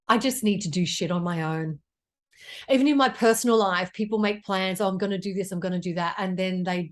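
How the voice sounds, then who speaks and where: Brief: middle-aged woman, psychic host, chatty and blunt, swears freely, mid-pitched voice. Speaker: astrologer and psychic reader. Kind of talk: casual monologue, card reading.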